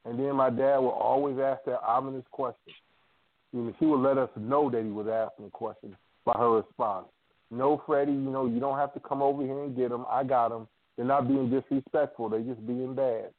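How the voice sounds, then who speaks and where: Dude telling family stories on a call, animated, tinny phone sound, dry. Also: male voice, mid-range voice, dry recording. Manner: animated storyteller acting out family quotes. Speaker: radio show co-host. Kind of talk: casual storytelling chat. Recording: dry phone-line audio.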